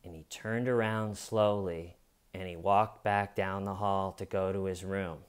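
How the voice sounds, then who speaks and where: A man hosting a podcast, telling a true crime story in a deliberate, dramatic way with long pauses. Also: low voice, steady tone, clear, resonant tone. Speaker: podcast host.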